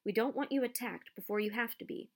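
A firm young team captain laying out a plan in a quiet, steady way, voiced by a woman reading a storybook. It sounds much like the reader's own voice. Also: a little high, quick pace.

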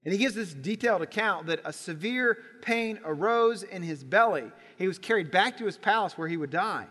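A man preaching a sermon in a church, telling a Bible story with lively acted-out voices. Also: high-pitched, normal speed. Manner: animated storytelling, acts out voices in quotes. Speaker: pastor. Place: church sanctuary. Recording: church sanctuary with long reverb.

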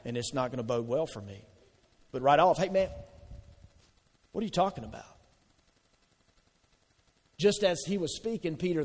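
A pastor preaches a sermon in a conversational style, posing questions to the congregation and answering them himself. His voice is fairly high, and the sound carries the feel of a big room.

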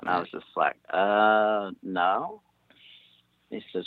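A man's voice: sits low, moderate pace, dry recording. A man with a Kentucky accent telling a story in a casual podcast chat, rambling and laughing as he goes. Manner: rambling, laughing, repeats words. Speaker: podcast co-host, guest. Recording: dry tinny phone-like line.

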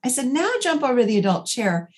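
Woman, 40s, therapist guest; animated, conversational storyteller. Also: a little high, fast talker. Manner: animated storyteller acting out dialogue. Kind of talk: conversational podcast interview.

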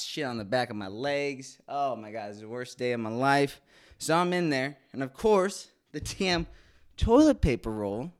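This podcast host, a man in his late twenties, has a medium-pitched voice that's a bit bright. In a casual monologue he shares a frank, crude, funny story full of swearing.

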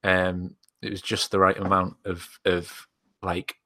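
Male podcast co-host, lowish but bright voice, animated and sweary. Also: unhurried. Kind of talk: casual chat.

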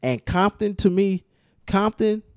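A man's voice: high voice, lively intonation, unhurried, clean tone, no echo, studio quality. A man hosting a casual podcast and explaining at length, with restarts and emphatic repetition. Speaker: podcast host discussing music.

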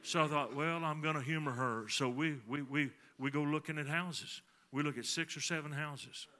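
A man's voice: fairly high pitch, fairly even intonation, moderate pace, bright, forceful tone, a little hiss or hum. A middle-aged man, preaching a sermon in a folksy storytelling way and talking to the congregation. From Texas. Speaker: pastor.

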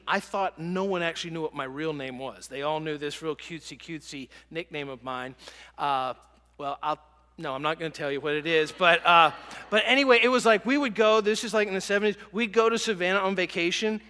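Middle-aged pastor guy preaching, high bright voice, lots of uh and restarts, long church-hall reverb. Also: brisk. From American South. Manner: conversational storytelling with many fillers and restarts. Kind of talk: sermon.

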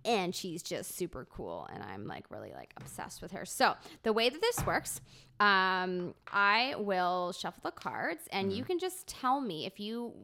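A woman's voice: mid-range voice, sing-song, a little slow, vocal fry, bright, forceful tone. A woman hosting a podcast, bubbly and gushing, saying "like" a lot. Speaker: podcast host. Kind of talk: casual podcast chat.

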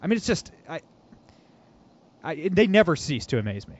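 A man hosts a political podcast in a fairly high, animated voice, quick to mock and laugh. The audio sounds dull and lo-fi. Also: husky, dry recording. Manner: animated, mocking, laughs often. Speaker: podcast host. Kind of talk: casual political podcast chat.

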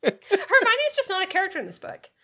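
A woman's voice: very high voice, wildly swooping pitch, brisk, pushed and bright, a little hiss or hum. A woman co-hosting a podcast in casual book-discussion chat, frank and amused, laughing often. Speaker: podcast co-host.

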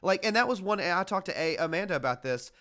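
Chatty, fairly high-voiced podcast host. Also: male voice, lively intonation, fast talker, bright, forceful tone. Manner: chatty, hesitant, lots of fillers and restarts. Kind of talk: casual chat.

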